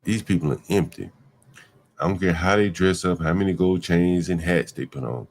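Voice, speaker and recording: A man's voice: sits low, normal speed, slight background noise. A man hosting a livestream, talking emphatically in repeated rhetorical questions. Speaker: livestream host. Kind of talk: ranting livestream commentary.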